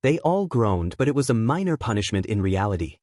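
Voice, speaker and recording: A man reading a fan fiction story aloud in a steady, even narration. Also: fairly low pitch, fairly quick, no room sound, studio quality.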